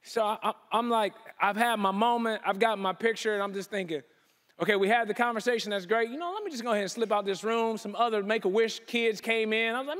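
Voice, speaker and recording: High-voiced man telling a keynote story. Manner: animated, acts out dialogue with quick voice changes; casual, slangy phrasing. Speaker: keynote speaker.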